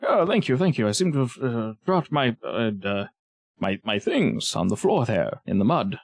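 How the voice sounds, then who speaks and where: A man's voice: medium pitch, very animated, normal speed, no echo. A man voicing a fussy old man in a tabletop game, hesitant and stammering. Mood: fretful.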